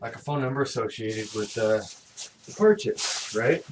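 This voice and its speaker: A man's voice: mid-range voice, lively intonation, moderate pace. Middle-aged man venting, distant mic. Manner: candid, venting, swears often. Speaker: vlogger. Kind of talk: personal video diary. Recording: distant mic with faint background noise.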